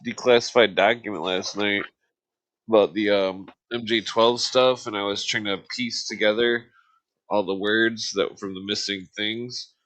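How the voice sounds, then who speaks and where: Casual podcast co-host, man, low pitch, bright edgy tone, swears freely, laughs a lot. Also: steady tone, unhurried. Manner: loose, profane, laughs often. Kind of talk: casual chat.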